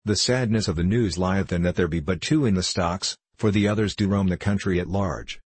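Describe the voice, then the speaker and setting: A man's voice: low voice, fairly quick, a little mellow, husky, no echo. A man reading a storybook, voicing a witty, jovial young male outlaw who teases in archaic speech. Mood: jesting.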